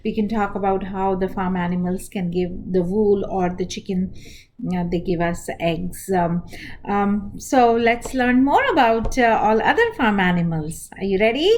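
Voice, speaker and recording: A woman preschool teacher with an Indian English accent, calmly explaining an activity step by step, pausing often as she goes. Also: mid-range voice, a little hiss or hum. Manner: unhurried, explaining step by step with pauses. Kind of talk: instructional talk to parents and teachers.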